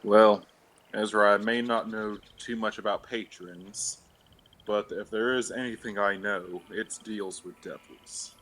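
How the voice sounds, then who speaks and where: Polite man with a lowish voice. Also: fairly even intonation, measured pace, fairly bright tone. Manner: polite and courteous. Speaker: player. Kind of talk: in-character tabletop role-play.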